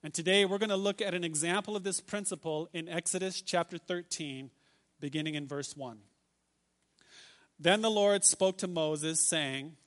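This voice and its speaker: High-voiced pastor preaching emphatically. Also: male voice, a bit bright. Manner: measured, emphatic, repeats key phrases slowly. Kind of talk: sermon.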